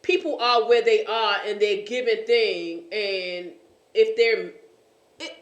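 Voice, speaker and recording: A woman hosting a faith-based talk show, speaking earnestly and often pausing to search for words. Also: mid-range voice, reverberant, highs cut off. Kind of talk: faith-based casual chat.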